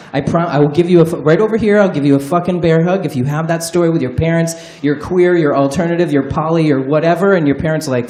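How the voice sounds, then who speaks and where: A man's voice: on the high side, darkish tone, a little hiss or hum. A man telling a wry, candid, profanity-laced comedic story live on stage at a storytelling show. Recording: roomy live venue sound.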